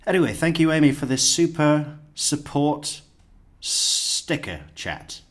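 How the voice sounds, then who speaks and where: A man's voice: a little high, lively intonation, slow. A man giving blunt, sarcastic commentary on an interrogation video, and breaking into mocking impressions of the people in it. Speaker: true crime commentator.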